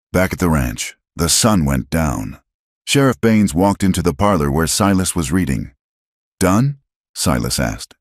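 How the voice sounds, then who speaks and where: A man with a very deep, husky voice tells a story in a steady, dramatic way. He is recorded dry and close, with no room sound around him. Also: dry recording. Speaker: narrator. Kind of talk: scripted audiobook narration.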